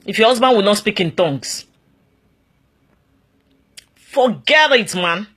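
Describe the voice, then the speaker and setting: With a husky mid-range voice and a slow delivery, a Nigerian-accented woman lively monologues on marriage advice. She repeats herself for emphasis, exclaiming often and slipping into pidgin.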